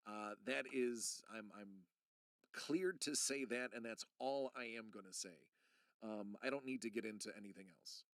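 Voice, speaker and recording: Middle-aged man, gravelly, rambling and earnest live-stream host, dry close sound. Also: medium pitch, fairly bright tone, no echo. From United States. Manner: rambling and earnest, talking straight to chat. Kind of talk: casual live-stream chat.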